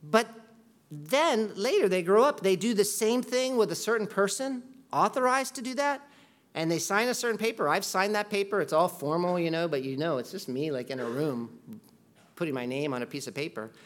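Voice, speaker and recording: Chatty pastor preaching a casual sermon. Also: male voice, sits high, expressive, moderate pace. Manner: chatty, peppered with "like", jumps into loud quoted voices.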